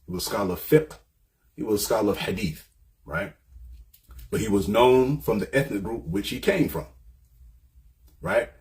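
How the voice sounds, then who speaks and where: A man's voice: lowish voice, expressive, moderate pace, pauses often, darkish tone. A man giving an informal lecture, explaining point by point and often checking in with "right?". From United States. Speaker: commentator.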